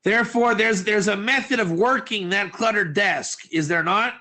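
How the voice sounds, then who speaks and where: A man teaching a lively class, constantly quizzing his listeners and mixing Hebrew terms into his English. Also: high-pitched, normal speed. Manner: animated, quizzes listeners, asks for answers. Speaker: Torah teacher.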